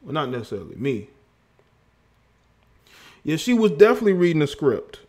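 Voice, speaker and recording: A man's voice: fairly high pitch, big pitch swings, brisk, mellow. Man mocking a clip on a livestream. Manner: laughing, mocking, repeats words for effect. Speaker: livestream host. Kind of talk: commentary on a played clip.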